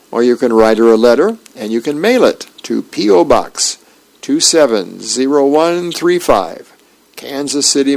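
A man reading the newspaper aloud on a radio reading service, plain and unhurried with small slips and fillers. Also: medium pitch, gravelly, poor audio. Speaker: volunteer newspaper reader.

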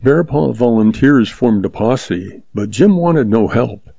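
A man narrating pulp western stories in a steady, measured reading. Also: mid-range voice, creaky, breathy edge, no echo. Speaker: story reader, host. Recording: dull lo-fi, dry.

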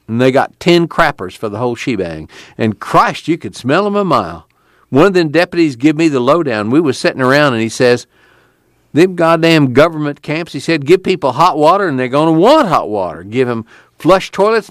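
Casting: a man doing a tubby migrant, rambling and profane, voice climbing high, dry and close. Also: dry recording. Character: tubby, talkative male migrant worker.

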